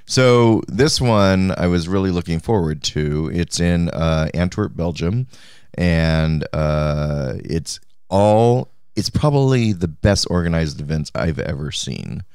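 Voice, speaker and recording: Deep-voiced tired man chatting. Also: darkish tone, clean tone, dry recording, clean studio sound. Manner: tired, slow to laugh. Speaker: podcast co-host. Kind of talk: casual chat.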